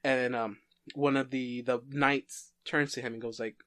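A man talks through a story idea in a loose, casual way, often pausing and restarting his sentences. His pitch sits in a middle range. The recording is dry, with no room echo. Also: level tone, fairly bright tone. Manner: halting, many fillers and restarts.

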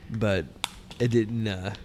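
A man's voice: lowish voice, fairly even intonation, slow pace, darkish tone, a little hiss or hum. A man co-hosting a podcast in casual chat, giving short agreeing replies and swearing casually. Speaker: podcast co-host.

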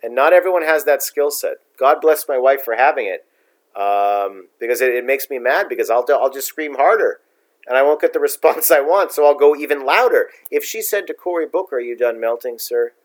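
A middle-aged man at a mid pitch co-hosts a casual political talk show. He rants bluntly and with strong opinions, piling point on point in a plain, unpolished way. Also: animated, a little fast. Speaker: podcast co-host.

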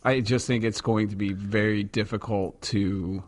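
A man's voice: fairly low pitch, steady tone, unhurried. A man chatting casually and enthusiastically with a friend, rambling a little as he talks. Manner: enthusiastic, rambling fan talk. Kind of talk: casual chat.

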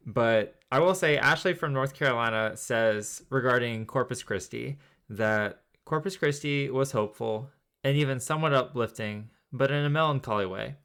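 A thoughtful man co-hosting a podcast, talking through ideas in long, meandering sentences. His voice is smooth and resonant, pitched in the middle. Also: normal speed, few pauses, a bit bright. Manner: thoughtful, rambling, many fillers. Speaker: podcast co-host. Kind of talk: casual chat.

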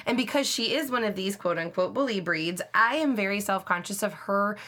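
A woman with a bright, clear voice talks in a chatty, casual way on a podcast. She works as a service dog trainer. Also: medium pitch, animated, brisk.

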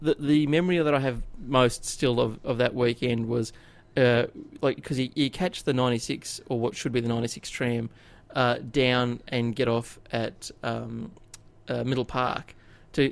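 Gravelly man telling a story. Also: medium pitch, normal speed, few pauses. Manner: animated storyteller with frequent fillers and restarts. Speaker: podcast co-host. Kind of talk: casual chat, storytelling.

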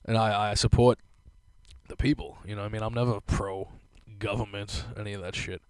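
A man's voice: fairly low pitch, steady tone, moderate pace, darkish tone, clear, resonant tone, dry recording. A young man hosting a podcast, ranting casually with lots of fillers and swearing. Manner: profane, rambling, filler-heavy. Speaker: podcast host. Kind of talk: casual rant.

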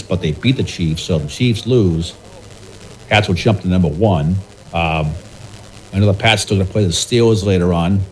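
A man's voice: low-pitched, low-quality recording. A man hosting a casual sports chat in a tavern, talking in a joking, rambling way. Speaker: podcast host.

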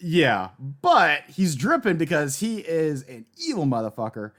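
A man in casual chat, recapping a story with lively enthusiasm and acting out the characters he quotes. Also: fairly high pitch, a little slow. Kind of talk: casual manga discussion.

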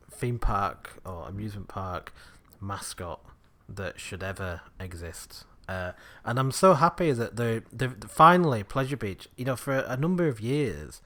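Yorkshire male host, casual and keen, low-middle register. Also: a bit bright. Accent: Yorkshire English. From Yorkshire, England. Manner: chatty, enthusiastic, laughs often. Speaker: podcast host. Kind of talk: casual chat.

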